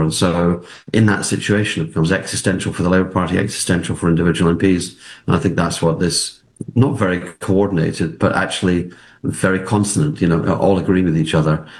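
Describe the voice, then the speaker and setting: A man's voice: sits low, fairly even intonation, a little fast. A man, a political commentator, arguing his points emphatically in a news interview, often repeating words as he presses on.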